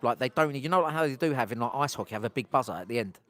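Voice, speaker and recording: A man's voice: medium pitch, lively intonation, very fast, fairly bright tone. A man from England hosting a casual outdoor live stream, rambling and breaking off to talk to his viewers. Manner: rambling, self-interrupting, talks to viewers. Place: outdoors on a street.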